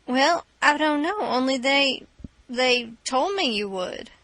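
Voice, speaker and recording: A woman's voice: sits high, expressive, slow, a bit bright, no echo, full character voice. A woman reading an audiobook, voicing a cheeky boy who plays innocent in a mock-humble, sly pleading tone.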